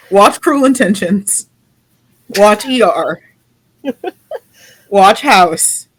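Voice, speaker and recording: A woman co-hosting a podcast in casual chat, with a wry, deadpan teasing manner. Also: mid-range voice, extremely slow, slightly rough. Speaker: podcast co-host.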